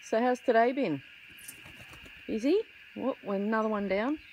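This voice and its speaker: A young woman feeds wild kookaburras among the trees, chatting to them in cooing pet talk and muttering asides to a handheld camera held to one side. Her voice is a little high with a darkish tone, her pace unhurried, and there's slight background noise.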